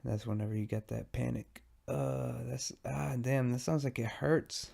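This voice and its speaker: Stoned, gravelly man rambling on his podcast. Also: medium pitch, fairly even intonation, normal speed, warm tone. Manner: rambling, profane and self-mocking. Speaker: podcast host. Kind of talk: casual solo podcast monologue.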